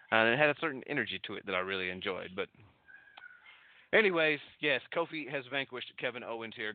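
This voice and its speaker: Male host, mid-pitched, loose and swearing, heard over a dry tinny phone-quality line. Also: no room sound. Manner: loose and chatty, swears freely. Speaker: radio show host. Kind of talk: casual live show recap.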